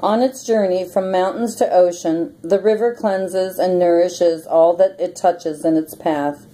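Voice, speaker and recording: A woman with a lowish, mellow voice speaks a little slowly with fairly even intonation, and the audio is poor. She hosts a relaxed prayer and meditation channel, rambling chattily with many ums and often breaking into laughter.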